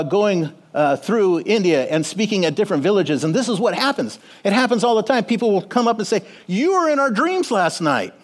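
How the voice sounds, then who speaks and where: A man preaching a sermon in a church, animated, swinging between quiet and loud and calling on the congregation. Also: high voice. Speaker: pastor. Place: church sanctuary.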